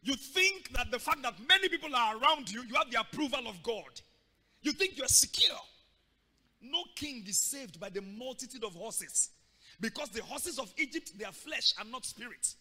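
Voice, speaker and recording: Male pastor, high bright voice, theatrical sermon delivery with shouted bursts. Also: animated, normal speed. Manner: dramatic, acting out scenes with shouts and sudden loud bursts. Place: church hall. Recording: long reverb of a large hall.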